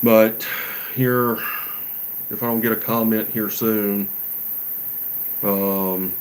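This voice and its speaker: A man with a fairly low voice talks slowly and easily, in a relaxed, folksy, rambling way. He is a gunsmith chatting on a casual livestream. A faint hiss of noise sits under his voice. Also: rough recording. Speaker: gunsmith and shop owner.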